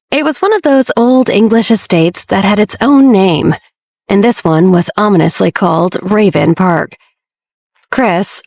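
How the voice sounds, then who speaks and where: A woman narrating a romance audiobook in a steady, measured storytelling manner, recorded close to the mic. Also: medium pitch, dry recording. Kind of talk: scripted narration.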